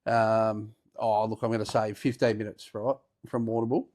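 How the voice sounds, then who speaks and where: A man's voice: fairly low pitch, little pitch movement, moderate pace, a little mellow. A man with an Australian accent, hosting a podcast and telling a rambling, swear-filled story in a casual way, often breaking into laughter. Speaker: podcast host.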